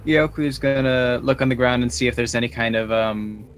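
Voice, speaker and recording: A man's voice: mid-range voice, fairly quick, slight background noise. A man playing a tabletop game, speaking hesitantly with many fillers. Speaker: player.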